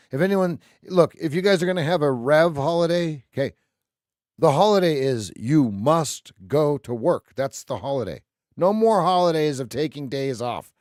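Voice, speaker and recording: A man's voice: mid-range voice, a little mellow, no room sound, clean studio sound. A man hosting a live trading stream, ranting bluntly and sarcastically in casual chat.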